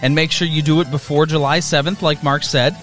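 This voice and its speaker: A man's voice: a little high, steady tone, brisk, fairly bright tone, soft background music. A man hosting a podcast, giving upbeat promotional announcements. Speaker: podcast host.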